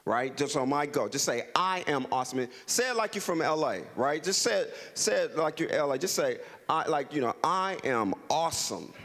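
A middle-aged man with a gravelly, fairly high voice speaks to a community audience. He keeps them involved with call-and-response and quick repeated prompts. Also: expressive, fairly bright tone. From Los Angeles. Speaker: guest speaker. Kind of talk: interactive talk to a community audience.

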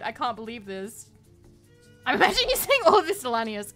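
With faint music behind her, the Australian streamer keeps up casual, playful banter with her chat while gaming, giggling a lot. She speaks briskly in a slightly high, sing-song voice with a fairly bright tone.

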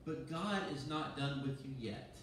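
A man, a pastor, giving a sermon in a lively, conversational way, often restarting his sentences. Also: mid-range voice, measured pace, slight background noise. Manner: animated, conversational preaching with restarts. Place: church sanctuary. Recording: very echoey church from far off.

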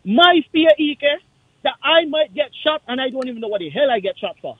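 High-voiced Kittitian man ranting by phone. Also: expressive, fairly quick, husky, dry recording. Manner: impassioned, forceful, repetitive. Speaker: caller. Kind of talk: call-in radio rant. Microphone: phone line. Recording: tinny dry phone line.

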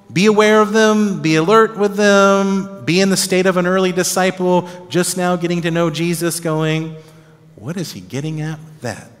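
Animated pastor in a reverberant church. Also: male voice, fairly high pitch. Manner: animated, conversational, acts out disciples' reactions with tag questions. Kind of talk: Bible teaching. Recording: long reverb of a church hall.

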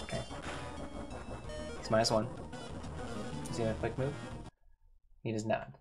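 A man's voice: medium pitch, little pitch movement, measured pace, over music. A man giving casual gameplay commentary, thinking aloud, repeating himself and talking to his game characters. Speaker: gaming YouTuber.

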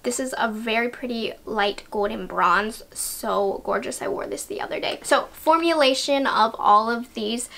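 A woman's voice: on the high side, normal speed, gravelly, hardly any pauses, pushed and bright, slight background noise. A young woman chatting casually and enthusiastically as she reviews beauty products, laughing at herself now and then.

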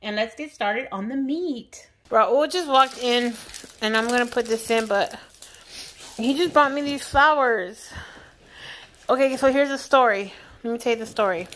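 Woman home-cooking vlogger, casual and talkative, bright, slight background hiss. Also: a little high, a little slow. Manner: chatty, talks straight to viewers. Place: home kitchen.

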